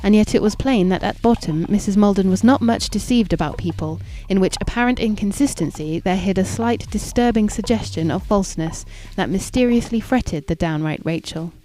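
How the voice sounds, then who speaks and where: A woman narrating a classic novel in a measured, even and formal reading. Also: medium pitch. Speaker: audiobook narrator.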